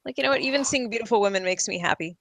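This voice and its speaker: A woman's voice: fairly high pitch, rapid-fire, a bit bright, slight background noise. A woman hosting a casual livestream chat, blunt and playful. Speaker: channel host.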